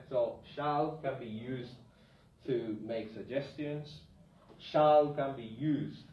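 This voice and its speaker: A man's voice: mid-range voice, slight background noise. A male teacher giving a classroom grammar lesson, repeating example sentences and checking in with students with a frequent "yeah?". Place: classroom with a whiteboard. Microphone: far from the speaker. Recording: echoey, distant, dull lo-fi room recording.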